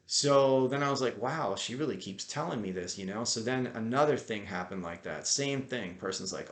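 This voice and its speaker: A man's voice: lowish voice, brisk, hardly any pauses, echoey room. A middle-aged man telling a personal story in a casual, rambling way, with many fillers and restarts. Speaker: qigong teacher and vlogger.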